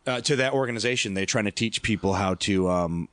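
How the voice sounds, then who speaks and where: A man's voice: fairly low pitch, brisk, a bit bright, slight background noise. A man hosting a casual podcast chat, rambling and self-deprecating, often trailing off mid-sentence. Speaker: podcast host.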